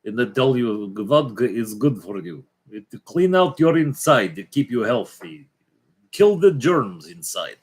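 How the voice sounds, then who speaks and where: A man putting on a hearty, loud man with clipped, broken grammar who sings the praises of vodka. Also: mid-range voice, big pitch swings, measured pace, slightly rough. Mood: boisterous.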